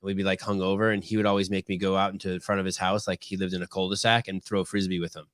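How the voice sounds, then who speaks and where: A middle-aged man hosting a podcast, telling stories in casual chat, swearing freely and getting animated. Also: low-pitched, rapid-fire, dry recording, clean studio sound. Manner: profane storytelling, animated. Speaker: podcast host.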